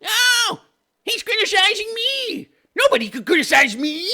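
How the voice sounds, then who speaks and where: A whiny, easily offended young man, as a man mocks him, in a squeaky, exaggerated voice. The pitch jumps high and swoops wildly from word to word. It is a sneering, over-the-top parody of outrage. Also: very animated, unhurried, pushed and bright, full character voice. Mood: mocking whine. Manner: high, mocking, exaggerated whine.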